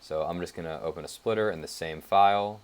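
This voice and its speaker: A young web developer rattles through a casual screencast coding tutorial, talking fast in a low voice. He thinks aloud as he goes over his code, with many fillers and side remarks.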